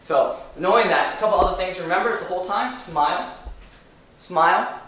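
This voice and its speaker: Guy running a sales training, high voice, talks fast, super echoey far-off room sound. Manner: energetic, rhetorical questions to the room. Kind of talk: live training seminar.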